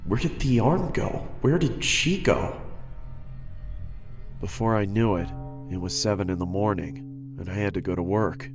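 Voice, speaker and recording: A man with a fairly low voice tells a scary first-person story in a steady, scripted way. Music plays clearly behind him throughout. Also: a little slow, long pauses. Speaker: story narrator. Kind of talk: scripted horror story narration.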